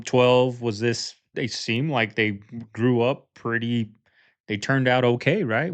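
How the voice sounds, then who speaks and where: A man hosting a reaction video talks in a casual, joking way. His voice sits at an ordinary middle pitch. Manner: joking, offhand remarks.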